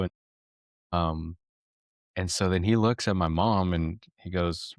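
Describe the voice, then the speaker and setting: In a casual storytelling chat, a podcast co-host with a deep, low voice recounts a family story for a parenting show, rambling, restarting frequently, and becoming reflective. His intonation is fairly even at normal speed, and the close, dry sound has no echo.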